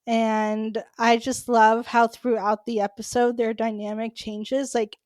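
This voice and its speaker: A woman's voice: on the high side, flat delivery, measured pace, a little mellow, no echo. A woman co-hosting a podcast, talking in a casual, chatty way with many "like" fillers. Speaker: podcast co-host. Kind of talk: casual chat.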